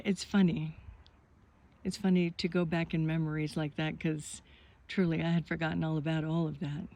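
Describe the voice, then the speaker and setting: A woman in her fifties, talking outdoors on a mountaintop in a soft, musing, rambling way as a vlogger. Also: low-pitched. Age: 50s. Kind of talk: reflective vlog monologue.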